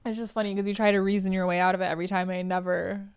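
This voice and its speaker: A woman's voice: medium pitch, level tone, rapid-fire, clear, resonant tone. A woman chatting on a podcast as a guest, teasing and laughing often. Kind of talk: casual podcast chat.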